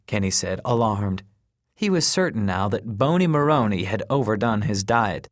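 A man narrating a story in a measured, dry storytelling manner. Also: fairly low pitch, expressive, no room sound.

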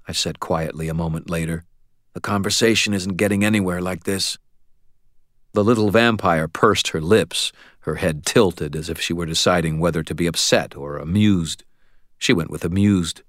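A man's voice: low-pitched, moderate pace, no room sound. A man narrating a first-person audiobook with a wry, dry delivery.

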